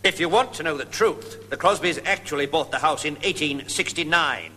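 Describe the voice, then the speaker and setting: An actor playing a genial, theatrical Victorian novelist in a scripted comedy sketch. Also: male voice, on the high side, normal speed, bright, forceful tone, soft background music. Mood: grand. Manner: grand, theatrical delivery with lilting rises. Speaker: sketch character.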